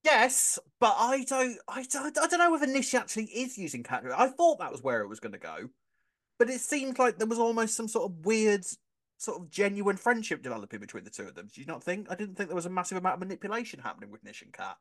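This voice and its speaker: A man's voice: high voice, big pitch swings, fast, fairly bright tone. A man co-hosting a podcast, chatting casually and playfully about a soap. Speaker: podcast co-host. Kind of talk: casual chat.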